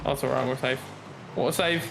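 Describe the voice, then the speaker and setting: A man giving excited, joking commentary while playing a game with a friend, throwing in mock-British slang. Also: mid-range voice, fast, gravelly, background noise. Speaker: gamer streaming with a friend.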